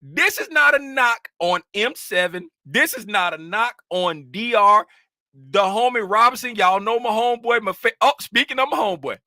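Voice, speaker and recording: A man hosting a casual trading livestream from his home desk, rambling and animated, getting loud when he is fired up. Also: high-pitched, moderate pace, no room sound, studio quality.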